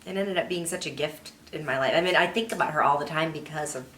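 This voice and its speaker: A woman's voice: low-pitched, fast, fairly bright tone, a little hiss or hum. A woman voice actress and comedian chatting casually and rambling during a makeup session. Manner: chatty, rambling, self-deprecating. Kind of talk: casual chat. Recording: echoey room.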